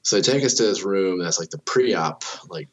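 Speaking at a normal speed in a low voice, a young man casually works through a long story. Expect heavy swearing, frequent "like," and acted-out dialogue.

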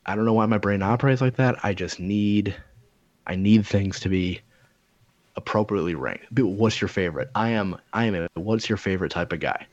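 A man's voice: on the low side, fairly quick, no echo, lo-fi sound. A man chatting casually as a podcast co-host, swearing freely and wandering from one tangent to the next. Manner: profane, animated, digressive. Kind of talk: casual chat.

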